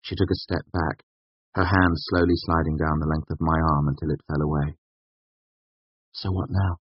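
Male audiobook narrator, very low and husky voice, measured first-person storytelling. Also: level tone, no echo. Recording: slightly dull, dry recording.

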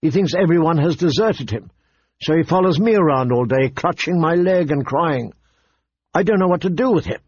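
A man's voice: fairly high pitch, animated, normal speed, a little mellow, slightly rough, lo-fi sound, pitched above the performer's own voice. A man reading aloud, voicing a fourteen-year-old lord who speaks urgently and strains under his burden. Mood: urgent strained.

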